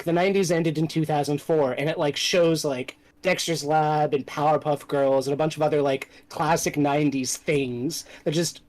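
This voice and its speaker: A man with a higher-pitched voice co-hosts a casual podcast while playing a game, laughing often as he tells lively stories. The recording is rough.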